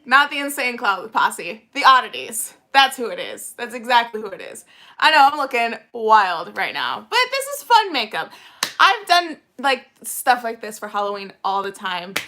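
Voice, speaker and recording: A woman's voice: fairly high pitch, big pitch swings, normal speed, pushed and bright. A young woman hosting a casual watch-along livestream, giggly, playful and rambling, a little tipsy. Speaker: livestream host.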